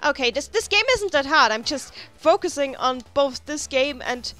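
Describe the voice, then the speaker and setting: A high, bright-toned woman rambles chattily over her gameplay, often starting sentences again and wandering off into asides. Quiet game music runs faintly underneath her voice. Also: expressive, normal speed. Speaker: let's play host. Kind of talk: casual gameplay commentary.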